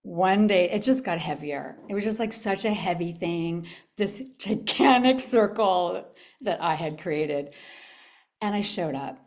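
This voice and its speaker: At a live summit event, a woman from California gives a motivational talk, animatedly telling her own story and asking the audience questions. Her voice is lowish and her pace measured.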